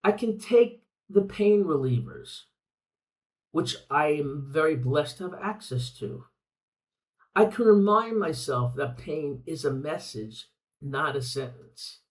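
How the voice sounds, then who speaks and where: A man's voice: a little high, expressive, slow, far from the mic, low-quality recording. An older man hosting a reflective podcast monologue, speaking earnestly and repeating phrases for emphasis. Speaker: podcast host.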